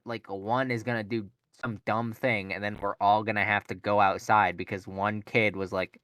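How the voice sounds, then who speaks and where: A man's voice: fairly low pitch, bright, forceful tone, no echo. A young man, a podcast co-host, telling a rambling story in casual chat, full of fillers and swearing. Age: young adult.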